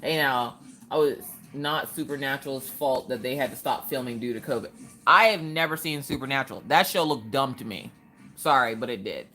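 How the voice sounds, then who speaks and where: Bright-voiced woman chatting on a live stream. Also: very deep voice, brisk. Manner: animated, chatty, greets viewers and answers chat. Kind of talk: casual live-stream chat while crafting.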